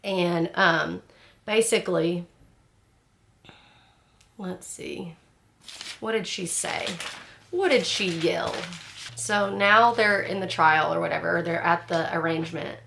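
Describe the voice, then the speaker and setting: A woman with a fairly low voice talks through a book in casual discussion. Her tone has a gravelly, fry-laden edge, and she rambles frankly, full of fillers and restarts. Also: slow pace, long pauses, fairly bright tone, slight background noise. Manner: frank and chatty, laughs at the story. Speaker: book club host.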